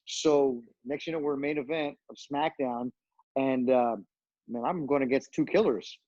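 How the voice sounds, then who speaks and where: A middle-aged man, a guest on a podcast, telling backstage stories in a casual, animated way and acting out what others said. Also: medium pitch, unhurried, dry recording, dull audio. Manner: animated storyteller, acts out quoted voices, many fillers. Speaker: guest, retired pro wrestler. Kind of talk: casual storytelling interview.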